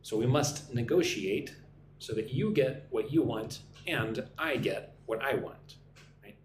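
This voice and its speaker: An American man leads a live-streamed English lesson at a slow, deliberate pace, spelling out and repeating phrases for learners to shadow. His voice sits at an ordinary middle pitch. It is recorded on a computer mic in an echoey room with faint noise underneath. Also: lively intonation. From United States. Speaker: online English teacher.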